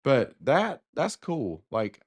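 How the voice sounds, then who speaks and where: A man's voice: medium pitch, big pitch swings, takes it slowly, husky. A man with a Southern US accent co-hosting a casual podcast, talking candidly and with self-deprecating humor. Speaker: podcast co-host. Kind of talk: casual conversation.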